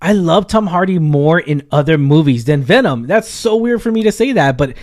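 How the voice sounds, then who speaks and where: A man's voice: fairly high pitch, lively intonation, normal speed, a little mellow. A man hosting a casual movie review chat, rambling and enthusiastic, with many fillers and restarts.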